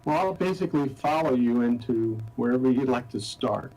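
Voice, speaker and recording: A man's voice: medium pitch, lively intonation, moderate pace, darkish tone, poor audio. A man playing a tabletop game who makes wry jokes. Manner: wry, joking. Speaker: player. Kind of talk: casual tabletop game chat.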